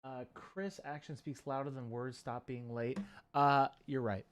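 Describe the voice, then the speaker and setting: A man's voice: mid-range voice, fairly even intonation, unhurried, clear, resonant tone. A man co-hosting a casual livestream and reading viewer chat aloud, playful and jokey with goofy asides.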